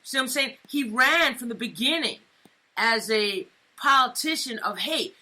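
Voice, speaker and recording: A woman's voice: a little high, expressive, normal speed, pushed and bright. A woman co-hosting a talk show, joking in casual streetwise slang. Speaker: co-host. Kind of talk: casual political banter.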